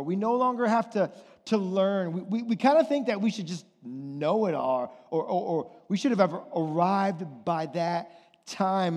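A man in his thirties, a pastor preaching a sermon in a conversational way, often checking in with "right?". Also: high-pitched. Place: church sanctuary. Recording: long hall reverb.

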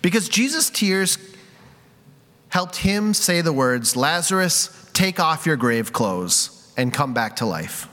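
Candid preacher in an echoing church. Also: male voice, a little high, big pitch swings, takes it slowly, pushed and bright. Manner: candid and self-deprecating, with many fillers. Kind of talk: conversational sermon. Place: church sanctuary. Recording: reverberant hall.

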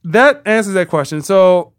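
A man's voice: sits high, lively intonation, normal speed, clear, resonant tone, no echo, studio quality. A man hosting a podcast in casual chat, rambling and acting out quotes as he goes. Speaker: podcast host.

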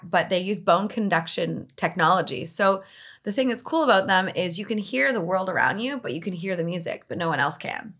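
A woman's voice: on the low side, a bit bright. A young woman, chatting enthusiastically as an interview guest about technology, with lots of fillers. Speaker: interview guest, tech blogger. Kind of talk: casual interview chat.

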